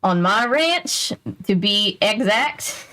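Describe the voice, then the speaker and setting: A woman's voice: medium pitch, lively intonation, bright, forceful tone. Woman putting on a drawling Texan rancher. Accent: Texas, put on. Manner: slow drawl. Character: drawling Texan rancher man, greedy and smug.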